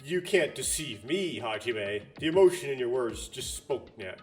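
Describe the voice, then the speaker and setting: A man voicing a perceptive female psychologist who presses another character with slow, insistent questions. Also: medium pitch, animated, distant mic, soft background music, pitched below the performer's own voice, lightly acted. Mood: probing.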